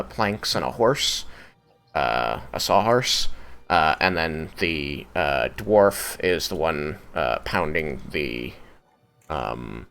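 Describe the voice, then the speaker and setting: A man narrating as game master of a tabletop game, unhurried and hesitant with many fillers. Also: very deep voice, a bit bright, clear, resonant tone.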